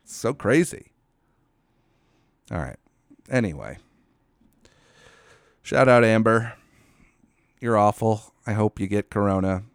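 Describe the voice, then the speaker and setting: A man's voice: fairly low pitch, expressive, measured pace, vocal fry, pauses often, smooth, no room sound, studio quality. A man giving a solo commentary rant, profane, sardonic and incredulous.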